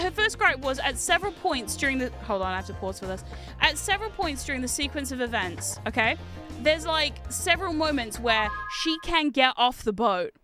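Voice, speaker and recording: Bright, clear-voiced woman telling rambling stories. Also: high voice. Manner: rambling, animated storytelling with swearing. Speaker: streamer. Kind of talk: casual chat while gaming on stream.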